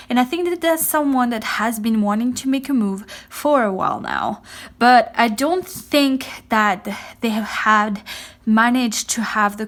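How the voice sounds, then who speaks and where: Woman, tarot reader, casual chat, slightly high-pitched, repetitive phrasing, filler words, a bit awkward. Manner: chatty, repeats "I do think", many fillers; first time on camera, a bit awkward. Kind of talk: casual pick-a-card tarot reading.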